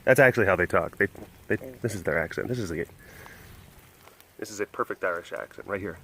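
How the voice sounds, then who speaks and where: A man's voice: low-pitched, a little fast, long pauses, sharp tone. A man hosting a casual vlog from an outdoor big cat compound, rambling and joking at his own expense. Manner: jokey, self-mocking, chuckling. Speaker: webcast host.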